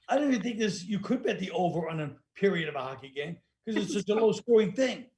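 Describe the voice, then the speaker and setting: A man, a comedian hosting a casual chat, trading dry wisecracks and quick comebacks. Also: high-pitched, lively intonation, darkish tone. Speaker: comedian host and author.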